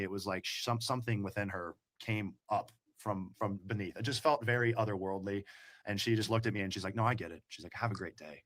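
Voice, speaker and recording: A man speaking quickly as an interview guest, with a fairly low voice. He tells his story in a loose, rambling way, full of fillers and restarts. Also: fairly bright tone.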